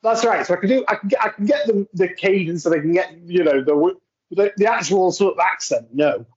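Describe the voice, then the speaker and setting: Husky man, halting chat. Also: high voice, highs cut off. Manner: halting, repeats words, laughs easily. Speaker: podcast co-host. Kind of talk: casual film commentary chat.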